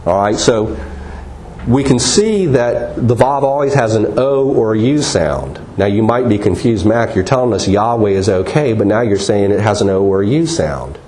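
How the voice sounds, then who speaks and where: A man's voice: lowish voice, expressive, a little mellow, slight background noise. Earnest man teaching in an echoey room. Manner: earnest, repeats words and restarts, drawn-out emphasis. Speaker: Bible teacher. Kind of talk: slide-based teaching talk.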